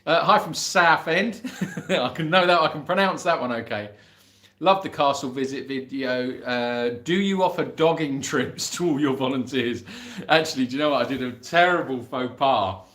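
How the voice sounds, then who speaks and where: Speaking at a normal pace in a mid-range, fairly bright voice, this man from England runs a relaxed live question-and-answer chat for an animal sanctuary. Reading viewers' messages aloud, he wanders off topic and chuckles at himself, with roomy echo on the recording.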